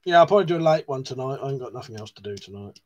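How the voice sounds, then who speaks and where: A man's voice: medium pitch, animated, rapid-fire, a little mellow, dull audio. A man hosting a live stream, reading viewers' comments aloud in a casual, chatty way, swearing often and laughing at himself.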